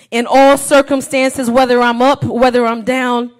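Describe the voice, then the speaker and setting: A woman preacher delivering a sermon, shifting from soft low musings to shouted, repeated calls and rhetorical questions. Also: little pitch movement, unhurried, hardly any pauses.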